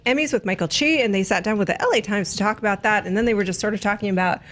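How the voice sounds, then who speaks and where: A woman's voice: medium pitch, racing, fairly bright tone, a little hiss or hum. A woman hosting a casual entertainment panel chat, playful and teasing, laughing often. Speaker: show host.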